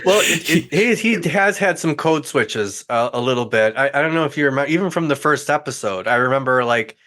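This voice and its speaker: A man's voice: medium pitch, expressive, a little fast, a bit bright. A man guesting on a podcast, chatting casually and thinking aloud candidly. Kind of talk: casual chat.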